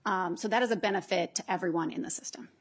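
A woman's voice: lowish voice, quick pace, background noise. A woman legislator giving explanatory committee testimony, with frequent restarts and fillers. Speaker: state legislator.

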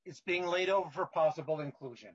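Husky-voiced man chairing a hearing. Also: fairly high pitch, fast, muffled recording. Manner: procedural, with fillers. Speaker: committee chair.

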